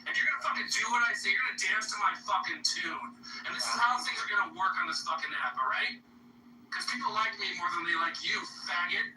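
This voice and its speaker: A man's voice: high-pitched, fast, slight background noise. A man hurling insults and boasting in a heated voice chat argument. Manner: abusive, yelling insults, boastful. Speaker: voice chat room participant. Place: voice chat app room. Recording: echoey distant audio with music underneath.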